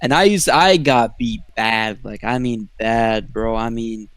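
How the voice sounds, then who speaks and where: A man's voice: medium pitch, a little slow, fairly bright tone, no echo. A young man telling a story in casual chat, laid-back and saying "bro" a lot.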